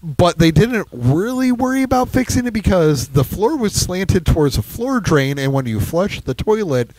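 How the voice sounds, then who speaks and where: A man's voice: sits high, moderate pace, no echo, poor audio. A man co-hosting a podcast, telling a tour story in casual chat and acting out quotes. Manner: animated, acts out quotes in a raised voice. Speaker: podcast co-host, band member.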